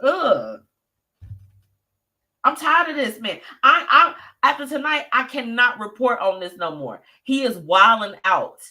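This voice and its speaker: Sassy bright-voiced woman host. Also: on the high side, big pitch swings, measured pace. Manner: sassy, chatty, talks straight to listeners. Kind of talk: live show gossip commentary.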